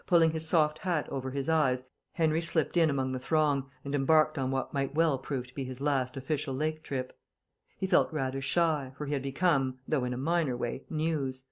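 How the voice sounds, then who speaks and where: A woman reads a classic novel aloud as audiobook narrator. Her delivery is measured and even, in a steady storytelling manner. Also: very deep voice.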